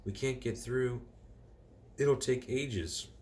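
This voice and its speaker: A man reading aloud and voicing an anxious, loyal boy wizard who is trying to keep his voice steady. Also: mid-range voice, slow, slight background noise, voice pushed up, natural voice. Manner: shaky, trying to sound steady.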